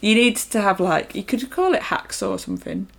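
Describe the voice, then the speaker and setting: A woman's voice: medium pitch, brisk, vocal fry. A woman in casual chat, tossing in short agreements and dry, joking asides. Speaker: podcast co-host.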